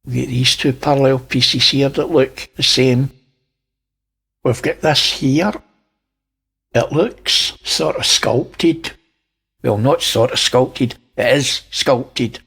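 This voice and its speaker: A man's voice: medium pitch, fairly even intonation, takes it slowly, creaky, pushed and bright, breathy edge. A man with a Scottish accent, talking viewers through images and pointing out details, with wry asides. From Scotland. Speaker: channel host. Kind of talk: narrating image analysis.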